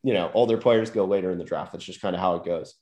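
A man's voice: low voice, quick pace, a little mellow. A podcast host getting over a cold, with a nasal voice, chatting casually about basketball draft prospects and often repeating words as he starts his thoughts. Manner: hesitant, repeats words when starting sentences. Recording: echoey room.

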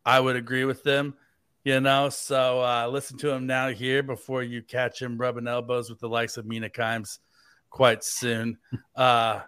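A man's voice: mid-range voice, flat delivery, a little slow, a bit bright, smooth, no echo, studio quality. A man hosting a sports podcast, talking in a joking, rambling, playful way. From United States. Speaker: fill-in podcast host. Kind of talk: casual sports podcast banter. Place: living in Tampa, Florida.

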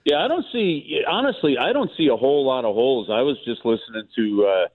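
A man talks by phone as a radio guest, chatty and animated, often repeating his words as he goes. The line is tinny and narrow, like a phone call. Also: medium pitch, a little fast. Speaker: team play-by-play broadcaster, guest. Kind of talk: casual phone-in chat, storytelling.

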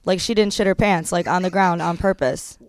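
A woman's voice: lowish voice, a little fast. A woman, a guest in a casual comedic chat, telling wry, self-deprecating stories.

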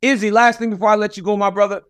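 A man's voice: sits high, little pitch movement, rapid-fire, clear, resonant tone. A man hosting a casual interview, asking direct, leading questions. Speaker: host.

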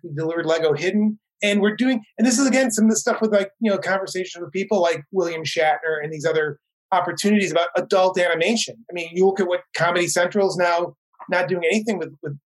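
On a video call, a man who produces animation chats casually as a guest, telling stories with enthusiasm and rambling, often restarting his sentences. His voice is high-pitched and the recording is rough.

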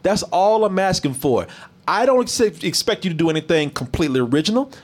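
Man, high voice, very expressive pitch, casual movie review, profane, mocking. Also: a little fast.

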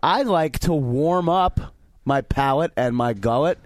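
Easygoing podcast co-host, slightly high voice. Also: male voice, unhurried, dry recording, studio quality. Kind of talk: casual chat.

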